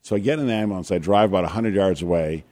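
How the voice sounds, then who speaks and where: A man who works as a doctor, co-hosting a podcast and talking in a relaxed, joking way. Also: sits low, very fast. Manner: relaxed, conversational, prone to pranks and jokes. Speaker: physician podcast co-host. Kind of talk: casual chat and storytelling.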